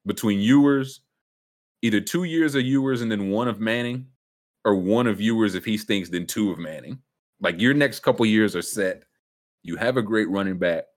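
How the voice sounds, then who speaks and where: A man hosting a casual sports talk show, animated and joking, jumping between thoughts. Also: on the low side, normal speed. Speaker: sports podcast host.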